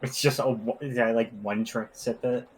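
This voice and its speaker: A man's voice: mid-range voice, steady tone, moderate pace, slightly rough. A man playing in a tabletop game who gives laid-back, brief replies. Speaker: player. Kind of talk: casual tabletop play.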